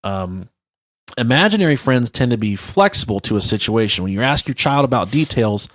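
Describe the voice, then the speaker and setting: A man in his thirties tells stories as a podcast co-host, loose and rambling, with plenty of swearing. His mid-pitched voice sounds close and dry. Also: lively intonation, fairly quick, fairly bright tone, no echo. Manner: profane, rambling storytelling. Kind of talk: casual podcast chat.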